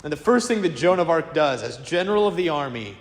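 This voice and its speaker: A man preaching a sermon as a priest, telling stories in a lively, conversational way. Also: on the high side, brisk. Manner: lively storytelling, acts out quoted voices; casual, conversational preaching to a congregation. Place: church. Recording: echoey church with long reverb.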